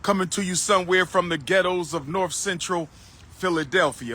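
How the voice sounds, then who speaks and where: A man livestreaming outdoors into a phone, loud and declaiming, repeating his phrases. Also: sits high, moderate pace. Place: outdoors on a street.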